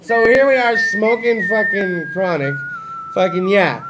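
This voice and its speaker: A young man hosting a talk show, telling a long crude story with lots of swearing and animated asides. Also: sits high, unhurried, heavy background noise. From California. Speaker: host.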